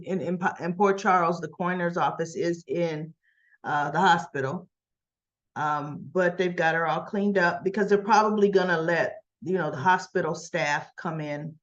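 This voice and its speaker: A woman recaps a soap episode in a rambling, emotional way, slipping into the characters' lines as she tells it. Her voice sits at a middling pitch. The recording sounds dull and lo-fi. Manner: emotional, rambling storytelling that acts out the dialogue. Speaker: soap opera reviewer.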